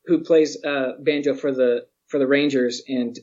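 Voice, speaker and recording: A man telling a lively story in an interview, acting out what people said and laughing often. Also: mid-range voice, moderate pace, highs cut off. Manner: animated storyteller, acts out quotes, laughs often. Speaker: interview guest, museum educator.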